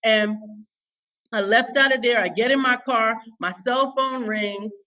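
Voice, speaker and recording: A woman's voice: on the high side, steady tone, unhurried, bright, forceful tone, far from the mic, highs cut off. A woman coach telling a personal story on a podcast in an emphatic, emotional, folksy way. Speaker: business coach guest.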